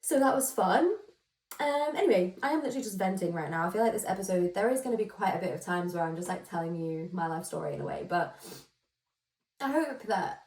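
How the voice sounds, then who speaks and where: A woman's voice: lowish voice, expressive, fairly quick, a little mellow, far from the mic. A woman hosting a casual solo podcast, chatty and self-deprecating, giggling and rambling through asides. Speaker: podcast host. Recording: roomy echo, voice a bit off-mic.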